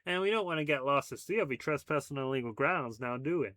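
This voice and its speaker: A man's voice: mid-range voice, animated, quick pace, bright, forceful tone, no room sound, studio quality. A man voicing a brash, bossy boy with a boastful folksy drawl in a story reading. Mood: cocky.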